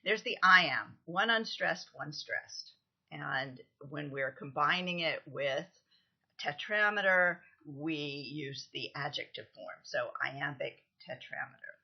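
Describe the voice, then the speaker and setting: A woman lecturer giving a recorded lesson, explaining things patiently, counting out stresses and often pausing with "um". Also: deep voice, gravelly, breathy edge, lo-fi sound. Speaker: literature lecturer.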